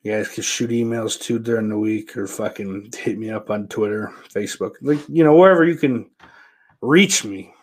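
A man's voice: fairly low pitch, normal speed. A man hosting his own show, talking in a loose, rambling, profanity-heavy monologue. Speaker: podcast host.

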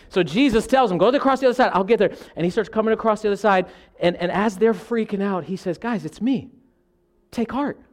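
Male pastor, 30s, high voice, animated sermon delivery. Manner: animated preaching, addresses the congregation as y'all.

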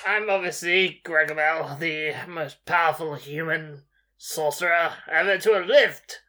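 Player doing a pompous bragging sorcerer guy, slow and bright sounding. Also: mid-range voice. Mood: boastful. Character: boastful male human sorcerer, pompous.

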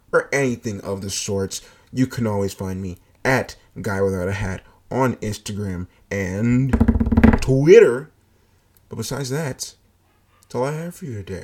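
A man's voice: on the low side, darkish tone. A young man hosting a podcast, telling a story in a blunt, profane, joking way. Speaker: podcast host. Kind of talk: casual storytelling monologue.

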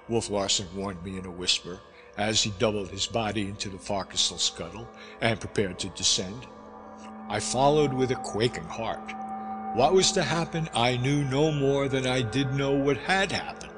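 A man narrating a classic novel with expressive, animated delivery. The recording is wrapped in a long, hall-like reverb. Music plays clearly beneath the narration. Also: medium pitch, moderate pace. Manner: expressive storytelling. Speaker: audiobook narrator. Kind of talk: scripted narration.

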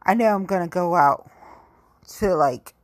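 A woman's voice: on the low side, unhurried. A woman in her forties giving a rambling, blunt and profane monologue to camera. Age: 40s. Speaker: vlogger. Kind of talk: candid monologue.

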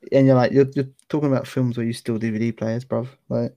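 A man's voice: medium pitch, flat delivery, fast, mellow. A man co-hosting a podcast, chatting casually in a rambling, enthusiastic, slangy way. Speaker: podcast co-host. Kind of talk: casual chat.

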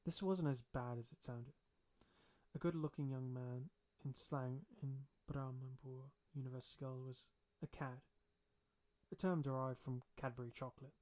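Man reading a novel aloud, measured. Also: mid-range voice, steady tone, a little mellow. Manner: measured reading with occasional stumbles and restarts. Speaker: audiobook narrator. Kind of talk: audiobook narration.

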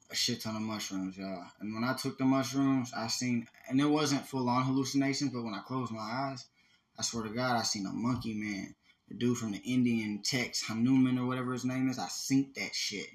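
A man co-hosting a podcast, chatting casually in a rambling, profane way. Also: mid-range voice. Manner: rambling, profane, laughs and breaks into loud animated voices. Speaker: podcast co-host. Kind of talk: casual chat.

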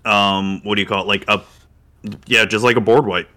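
A co-host in a casual card game chat, easygoing and agreeable, chiming in with quick reactions. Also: sits low, fairly even intonation, bright, forceful tone.

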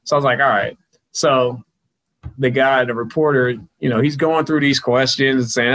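A man being interviewed as a guest, telling casual stories and acting out the people he quotes in a higher, louder voice. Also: normal speed, low-quality recording. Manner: animated storyteller, jumps higher and louder when quoting people. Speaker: guest, sports PR consultant.

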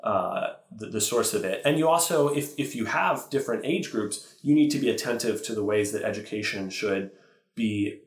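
Low-voiced priest in an echoey room. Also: male voice, expressive, moderate pace. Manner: thoughtful, earnest, with self-corrections. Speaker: priest and teacher. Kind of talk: podcast interview. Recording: roomy echo.

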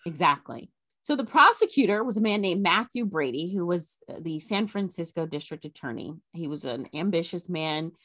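Lady podcast host telling a true crime story, kinda low voice, dry close sound. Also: moderate pace, no echo. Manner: animated retelling of a scandal, chatty asides. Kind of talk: casual history storytelling.

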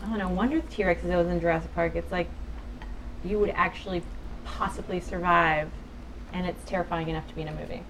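A woman in casual podcast chat, animated and swearing freely, telling stories with lots of fillers. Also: on the low side, fast, slight background noise, low-quality recording.

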